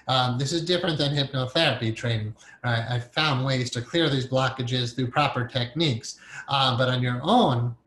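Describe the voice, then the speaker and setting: A man's voice: medium pitch, a bit bright, echoey room, rough recording. A man giving a recorded meditation training lecture in a loose, conversational way, repeating key points and acting out the inner voices of emotions. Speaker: meditation teacher.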